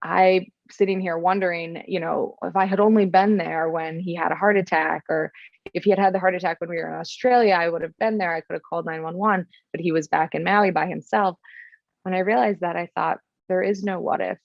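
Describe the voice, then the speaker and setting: Young woman podcast guest with a gravelly, slightly low voice. Earnest, reflective storyteller. Dull, dry recording. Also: steady tone, brisk, no room sound. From Florida, USA. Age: young adult. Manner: earnest and reflective, many ums and restarts. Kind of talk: casual personal storytelling.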